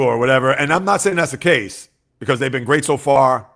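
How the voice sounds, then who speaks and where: A man hosting a sports livestream, chatting casually and animatedly with his viewers, reading their comments aloud and swinging between loud outbursts and quiet asides. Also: medium pitch, lively intonation, quick pace, vocal fry. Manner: talks straight to chat, reads out viewer comments.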